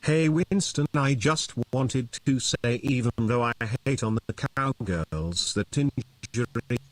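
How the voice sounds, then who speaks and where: Male co-host reading donations, plain and even, dry close sound. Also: mid-range voice, takes it slowly, dry recording. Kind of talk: reading viewer messages aloud.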